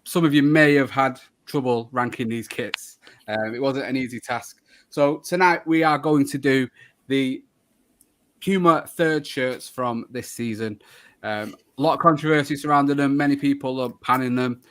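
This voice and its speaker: A man's voice: mid-range voice, moderate pace, a bit bright. Chatty male podcast host. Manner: chatty, friendly, many fillers and restarts. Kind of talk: casual live show chat.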